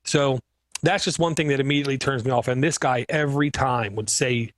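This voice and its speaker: A man's voice: medium pitch, a little fast, dry recording. A man who runs a computer repair business, chatting casually on a podcast and acting out his customers in his stories. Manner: animated storyteller, acts out customer dialogue.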